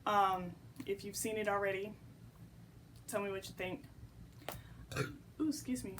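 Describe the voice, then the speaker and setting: Young woman, casual vlog review, blunt, filler-heavy, mid pitch. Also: fairly even intonation, a little slow, background noise. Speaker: movie reviewer.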